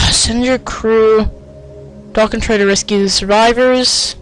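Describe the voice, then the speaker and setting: Slow-talking male gamer, excitable and self-mocking, faint game music behind. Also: sits high, rough recording. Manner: excitable, self-mocking, sing-song taunts. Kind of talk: let's play commentary.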